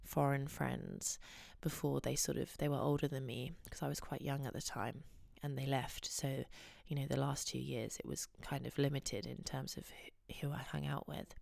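Young woman host, low fry-heavy voice, rambling casual storyteller. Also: level tone, moderate pace, a little mellow, no echo, clean studio sound. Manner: chatty, giggly, rambling storytelling. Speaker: podcast host. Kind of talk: casual chat.

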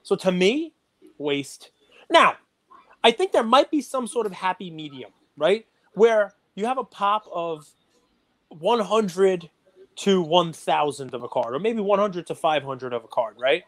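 A man co-hosting a podcast, talking casually and getting animated and worked up. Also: high voice, a little slow. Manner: animated, gets worked up and loud. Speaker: podcast co-host.

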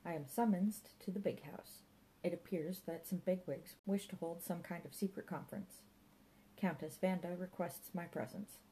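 A woman doing a pompous ranger man, low-voiced. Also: moderate pace, warm tone, slight background noise, close to an everyday voice, low-quality recording. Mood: bossy. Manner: grandiloquent, theatrical. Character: gruff middle-aged male park ranger, pompous martial arts mentor. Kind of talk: audiobook character voice.

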